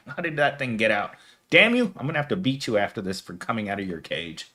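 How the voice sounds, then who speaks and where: Lively, giggly male live streamer. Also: lowish voice, fast. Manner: rambling and giggly, talking to chat. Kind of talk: casual live-stream chat, reading viewer comments. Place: at home, streaming without camera.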